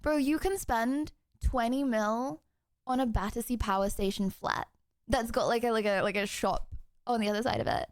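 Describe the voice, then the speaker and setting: A woman's voice: fairly high pitch, steady tone, moderate pace, no room sound, studio quality. A young woman streamer chatting casually with her viewers in a rambling, giggly way. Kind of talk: casual livestream chat. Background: music.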